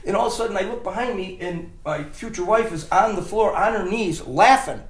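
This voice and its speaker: A man with a fairly high voice tells a funny story in a loose, rambling way, often restarting his sentences and laughing. He sounds like he is recorded in an echoey room. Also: fairly quick. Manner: animated, rambling, restarts and laughs while telling. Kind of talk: casual storytelling chat.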